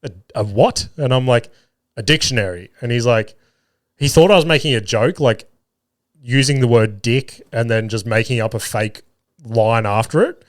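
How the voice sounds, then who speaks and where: A man's voice: mid-range voice, normal speed, no room sound, studio quality. A man in his thirties hosting a solo podcast, telling rambling family stories with lots of swearing and laughs. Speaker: podcast host. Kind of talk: casual solo podcast storytelling.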